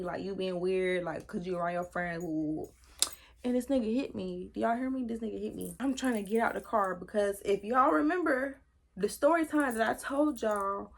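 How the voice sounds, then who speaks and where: Slangy young woman telling a story. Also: on the high side. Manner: animated, slangy, addresses viewers as y'all. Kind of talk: casual storytime vlog.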